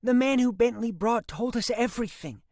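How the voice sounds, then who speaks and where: A man's voice: very high-pitched, moderate pace, a little mellow, no echo, clean studio sound, voice pushed up. A man voicing a distraught middle-aged mother who pleads with her son. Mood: insistent. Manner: pleading, upset.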